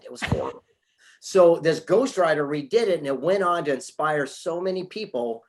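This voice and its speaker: A man in his fifties from California, a guest telling lively stories and acting out quoted lines. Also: a little high, moderate pace, slight background noise. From San Diego, California. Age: 50s. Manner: animated, acts out quoted dialogue. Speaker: podcast guest, author. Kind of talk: casual storytelling interview.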